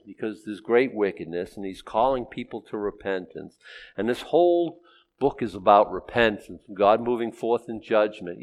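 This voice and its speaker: A middle-aged man preaches an expository sermon in a conversational, humorous way. He swings between loud outbursts and low asides.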